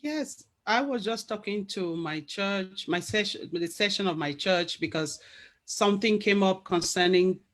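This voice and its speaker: A woman's voice: medium pitch, measured pace. Chatty woman host with an African accent. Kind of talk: conversational interview.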